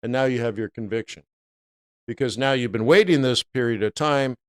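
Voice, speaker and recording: A middle-aged man hosting a live trading stream, giving animated and jokey market commentary that breaks into loud playful bits. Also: mid-range voice, a little fast, clean tone.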